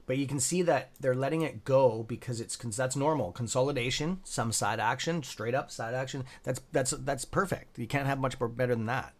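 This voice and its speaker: A young male host running a live market stream, swearing freely as he watches the charts. He jumps between hyped calls to his viewers and quiet muttering to himself, his voice at an ordinary mid pitch. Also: moderate pace, hardly any pauses. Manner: excitable, profane, talks to viewers by nickname; mutters asides to himself under his breath. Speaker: stock trading livestream host. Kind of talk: live-streamed market commentary, reading chat.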